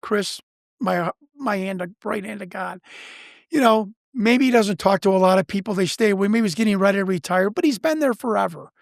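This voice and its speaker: A man from Chicago, an investigator and podcast guest, telling a story fast with many repeated words and restarts. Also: high voice, vocal fry, no echo, clean studio sound. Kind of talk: animated storytelling in an interview.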